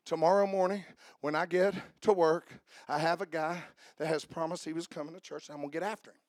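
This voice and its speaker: A male pastor delivering an emphatic sermon, his voice sitting high for a man. He shouts key lines with fervor and then drops into quiet, conversational asides. The sound is dry and close on the mic, with little room. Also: steady tone, quick pace, no echo. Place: church sanctuary.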